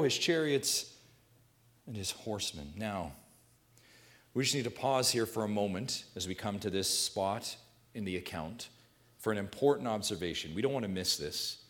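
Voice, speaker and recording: A man with a somewhat high-pitched voice preaches a sermon to his congregation. He reads scripture aloud and moves between quiet, intimate asides and emphatic, repeated declarations, pressing each point home. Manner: preaching with wide swings from hushed to emphatic. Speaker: pastor.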